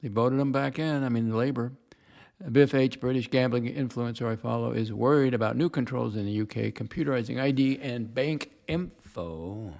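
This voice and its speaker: A man's voice: mid-range voice, moderate pace, gravelly, a little mellow. An older man hosting a livestream, telling rambling stories in casual chat and reading out viewer comments. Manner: chatty storyteller, repeats himself, reads chat comments. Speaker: livestream host.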